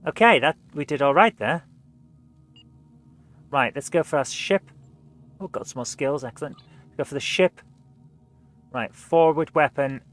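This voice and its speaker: A woman's voice: low voice, a little slow, long pauses. Chatty woman streamer thinking aloud. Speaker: streamer and show host. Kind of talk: casual live gameplay stream talk.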